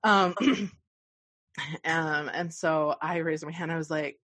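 A woman's voice: low voice, takes it slowly, a bit bright, no echo. A woman guest on a podcast, telling a personal story frankly and emotionally, often laughing.

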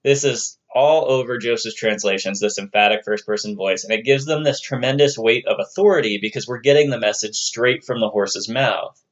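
A man's voice: medium pitch, moderate pace, few pauses, muffled recording. A man giving an explanatory lecture on religious texts, in a conversational tone with the odd playful aside. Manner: conversational, occasionally puts on playful voices for quoted figures.

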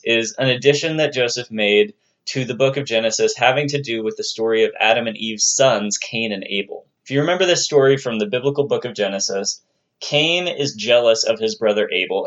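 A man's voice: mid-range voice, a bit bright, muffled recording. A man giving an explanatory lecture on religious texts, in a conversational tone with the odd playful aside. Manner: conversational, occasionally puts on playful voices for quoted figures.

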